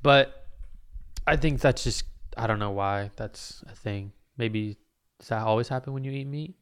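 A man hosts a solo podcast, rambling casually in a self-mocking way and swearing often. His voice is mid-range and clean in tone, and he speaks a little slowly.

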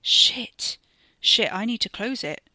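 A man's voice: high voice, moderate pace, sharp tone, dry recording. A woman voicing a cocky, foul-mouthed male cultist who swears constantly. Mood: alarmed, urgent. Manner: crude, boastful, swears constantly.

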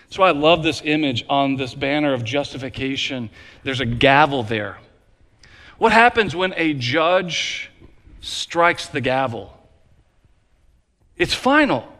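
A man preaching a sermon as pastor, emphatic and repetitive, swinging between loud declarations and quiet low passages. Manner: emphatic preaching with repeated phrases, varying loud and soft. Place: church sanctuary. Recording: long hall reverb.

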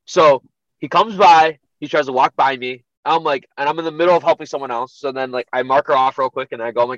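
A young man guesting on a podcast, telling a profane story in an animated, laid-back way. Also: medium pitch, fast, no echo, muffled recording. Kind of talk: casual storytelling.

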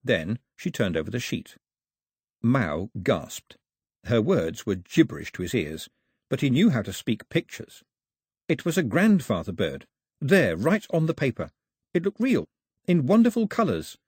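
A man narrating an audiobook in an expressive, storytelling manner on a close studio mic. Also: medium pitch, a little slow, husky, no room sound. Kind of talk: scripted narration.

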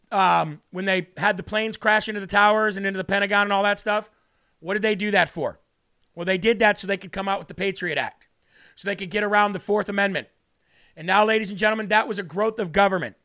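Raspy, high-voiced ranting male host. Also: sharp tone. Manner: combative, scolding, sarcastic. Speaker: livestream political talk host. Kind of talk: ranting live commentary.

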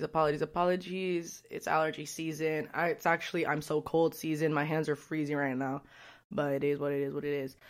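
A woman hosting a podcast in a casual, rambling monologue, candid and blunt, with constant "like" fillers. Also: low-pitched. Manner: candid, rambling, heavy use of "like"; blunt and outspoken. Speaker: podcast host.

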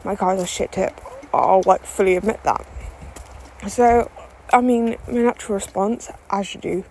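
A woman's voice: medium pitch, steady tone, moderate pace, darkish tone, low-quality recording. A young woman telling a story as a podcast host, chatty and self-mocking, full of fillers and the odd swear. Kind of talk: casual storytelling monologue.

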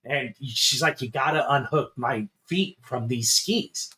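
Bright, animated middle-aged man telling stories. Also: medium pitch, measured pace. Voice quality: animated, swearing, laughs while telling stories. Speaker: podcast co-host. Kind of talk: casual storytelling chat.

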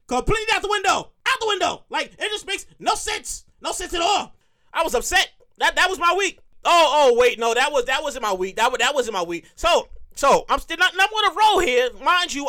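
A man hosting his own comedy show, telling a profane, excitable rant full of repeated lines. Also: extremely high pitch, a little fast. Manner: profane, excitable ranting with lots of repetition.

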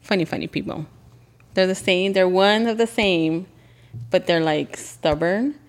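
A middle-aged woman co-hosting a casual chat podcast, telling family stories in a joking, animated way and mixing in Spanish words. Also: fairly low pitch, measured pace. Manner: animated storyteller, joking, acts out family quotes. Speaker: podcast co-host.

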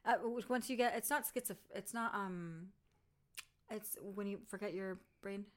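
A woman's voice: mid-range voice, moderate pace. A woman in her thirties hosting a podcast, talking casually and loosely, swearing freely. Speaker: podcast host.

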